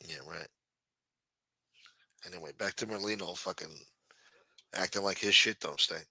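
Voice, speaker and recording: A male livestream host with a low, husky, sharp-toned voice talks at a normal speed, profane and teasing as he riffs on the viewer chat. The low-quality recording has no room sound.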